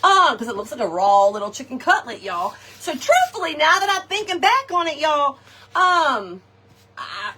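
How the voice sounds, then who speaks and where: A woman telling a funny personal story to her viewers in a chatty, animated way, tossing in "y'all" and "okay" often. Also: high-pitched, measured pace, a little hiss or hum. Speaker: craft shop host.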